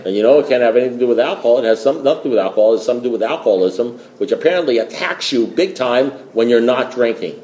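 A man's voice: mid-range voice, expressive, rapid-fire, few pauses, dark tone, roomy sound. A man telling a rambling, joking story at a recovery meeting. He repeats himself as he goes.

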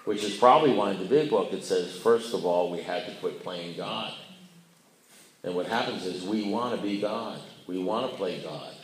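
Older man, deep voice, rambling blunt storyteller, recovery meeting talk, echoey room with faint ambience. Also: normal speed, a little hiss or hum. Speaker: AA speaker.

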